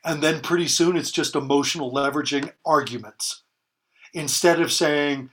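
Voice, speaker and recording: A man in his fifties, guesting on a podcast, speaks at normal speed in a slightly high, somewhat bright voice. He hands out parenting advice emphatically in a conversational interview, repeating key phrases to stress them.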